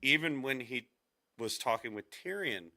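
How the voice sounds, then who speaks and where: Bright-voiced man in casual chat. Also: medium pitch, expressive, normal speed. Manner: rambling, swears, acts out quotes. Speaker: podcast co-host.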